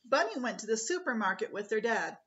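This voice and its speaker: A woman, a preschool teacher, reading a picture book aloud to children in a slow, expressive way. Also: on the high side, muffled recording.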